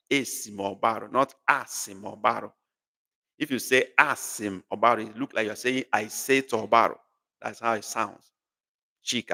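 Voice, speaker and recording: A man runs a live online class as a language tutor. His voice is bright and forward. He corrects students patiently and repeats phrases slowly, and long reverb trails behind his words. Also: mid-range voice.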